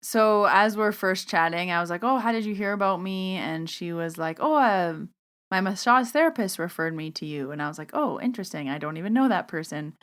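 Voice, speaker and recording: Smooth-voiced woman telling a story. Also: lowish voice, brisk. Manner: animated retelling, acting out both sides of the conversation. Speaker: medium and podcast host. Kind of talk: storytelling monologue.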